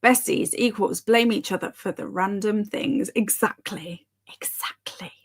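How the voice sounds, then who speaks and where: A woman's voice: mid-range voice, measured pace, slightly rough. A woman in her thirties hosting a casual live reading stream, chatting and giggling as she reads out viewer comments.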